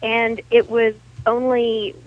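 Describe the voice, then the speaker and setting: A caller on a call-in podcast, asking eager, rapid questions. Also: medium pitch, flat delivery, narrow, tinny audio. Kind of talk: phone call-in chat.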